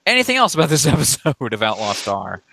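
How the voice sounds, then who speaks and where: Animated podcast dude, bright voice, laughs a lot, dry close mic. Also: male voice, medium pitch, vocal fry, no echo. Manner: lively, laughs often, quick asides. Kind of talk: casual podcast chat.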